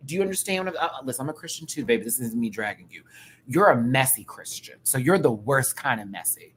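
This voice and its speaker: A man giving casual live-stream commentary as a show reviewer, animated and campy, with quick asides and laughs. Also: mid-range voice, slight background noise.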